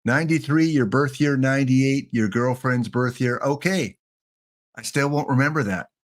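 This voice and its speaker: A man hosts a casual livestream, rambling and joking straight to his viewers. His voice sits at a middle pitch, and he sounds a little winded as he talks. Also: moderate pace. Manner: rambling, playful, talks to chat. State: a bit winded. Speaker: livestream host.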